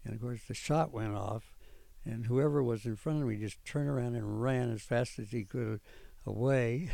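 An older man recalling his army days in an oral history interview, rambling and pausing often with fillers. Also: medium pitch, creaky, warm tone, no echo. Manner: rambling storytelling with frequent pauses and fillers. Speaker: veteran interviewee.

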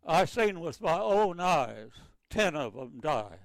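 An older man, a navy veteran, recounting wartime memories in a halting, repetitive way with many restarts. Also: fairly high pitch, sing-song, creaky, dry recording.

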